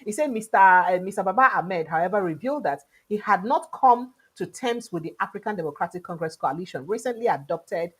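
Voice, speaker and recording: A woman from Nigeria hosting a political talk show, speaking in Nigerian Pidgin and English, with animated commentary and lots of rhetorical questions. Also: medium pitch, fairly quick, few pauses, breathy edge. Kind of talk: lively news commentary.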